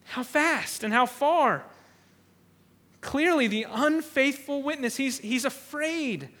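A man's voice: very high-pitched, takes it slowly, a bit bright. A man preaching an expository sermon who often repeats words while he thinks and acts out the quoted lines. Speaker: pastor.

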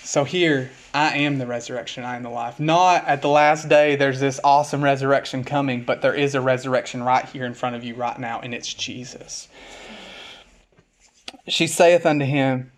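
A pastor preaching a sermon reads scripture aloud, slowing to stress key words before building with repeated phrases. His voice is medium in pitch and steady in tone.

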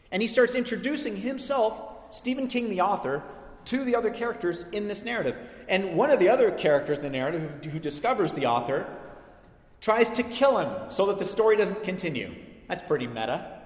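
A man preaching a sermon, conversational and then building to emphatic peaks. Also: fairly high pitch. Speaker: pastor. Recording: echoey hall with long reverb.

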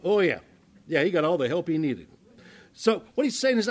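A male pastor delivers sermon-style Bible teaching with a voice that sits a little higher than most men's. He talks conversationally and restarts his words often. He swings from loud emphasis to hushed, quiet asides. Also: big pitch swings, normal speed, pauses often.

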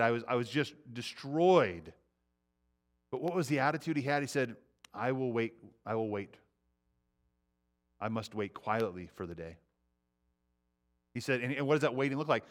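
A man preaching a sermon, shifting between hushed reflection and fervent appeals, often repeating his words as he goes. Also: mid-range voice. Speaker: pastor.

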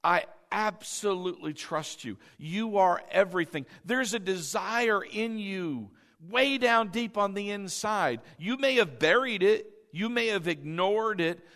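A man's voice: high voice, a little slow, few pauses, a bit bright, long reverb tail. A male pastor preaching a sermon in a conversational, emphatic way, often checking in with the congregation and repeating key phrases.

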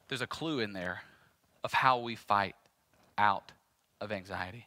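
A man's voice: a little high, expressive, moderate pace, pauses often, bright, forceful tone, no echo. A man pastor preaching a sermon in an emphatic, repetitive, conversational way.

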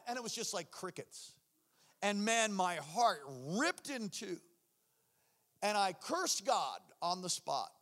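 Brief: male preacher, high voice, animated storyteller who acts out voices. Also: takes it slowly. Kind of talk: sermon testimony.

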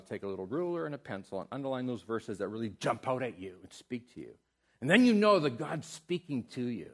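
A middle-aged man preaching a sermon as a pastor, moving between loud, emphatic exhortation and soft, tender prayer. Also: medium pitch.

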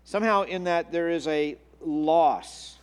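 A man's voice: on the high side, slow, smooth. Earnest male pastor in a reverberant hall. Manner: earnest, repeats words, restarts phrases. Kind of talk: sermon. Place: church sanctuary.

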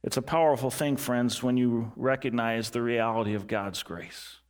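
A male pastor preaching a sermon earnestly, repeating key lines and dropping his voice soft and low for emphasis. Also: fairly even intonation, moderate pace.

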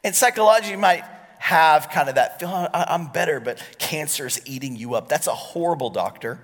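Husky-voiced man preaching in a reverberant hall. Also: a little high, normal speed. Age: 40s. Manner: animated preaching, swings from loud to hushed. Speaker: pastor. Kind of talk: sermon.

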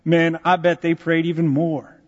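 A young man preaches from the front of a church, his voice sitting a little high. He moves between soft, conversational asides and sudden emphatic lines. The sound is somewhat dull and carries a long hall reverb. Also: normal speed. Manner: animated, jumps between quiet asides and loud emphatic lines. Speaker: pastor. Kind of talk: sermon. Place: church sanctuary.

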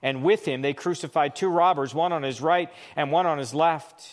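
Male pastor, slightly high voice, measured deliberate sermon delivery with dramatic scripture quotes.

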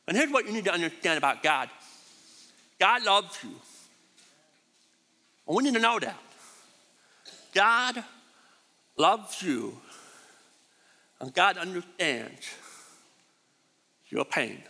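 High-voiced male pastor preaching, repeats himself a lot, long echo in the hall. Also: slow, creaky, pauses often. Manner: repetitive, emphatic, animated. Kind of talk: sermon. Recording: reverberant hall.

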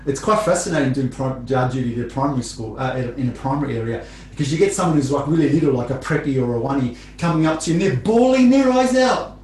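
A man preaching a sermon to his congregation. He talks in a conversational way, repeats phrases and gets animated when he tells stories. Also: mid-range voice, fast talker, roomy sound, a little hiss or hum, low-quality recording.

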